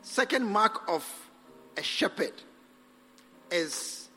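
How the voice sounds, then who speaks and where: A man preaching a sermon as pastor, acting out scenes with sudden shouts. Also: sits high, takes it slowly, husky. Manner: animated, acts out scenes, shouts for effect. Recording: long hall reverb with faint music.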